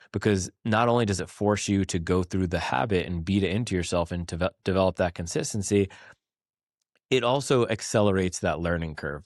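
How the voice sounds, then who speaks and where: Low-voiced American man giving pep talk. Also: no echo, clean studio sound. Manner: energetic, self-correcting, motivational. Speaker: podcast host. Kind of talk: casual advice talk. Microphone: small wireless clip-on mic.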